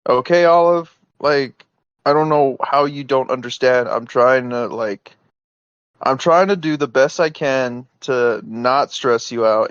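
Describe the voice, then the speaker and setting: A man argues on a private call in a mid-range, fairly bright voice that is clear and resonant, with no room sound. Despite the dull lo-fi audio, his exasperation and insistence come through, thick with "like" and "you know."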